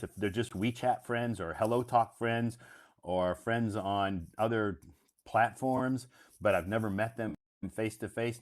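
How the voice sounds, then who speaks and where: A man's voice: on the low side, unhurried. A man hosting a live stream, explaining English words in a casual, repetitive, emphatic teacher's way.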